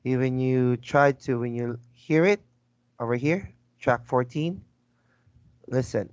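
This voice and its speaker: A man's voice: medium pitch, slow pace, smooth, dry recording. A man teaching an online English lesson, patiently prompting and repeating words for his student. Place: video call. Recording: dull lo-fi call audio.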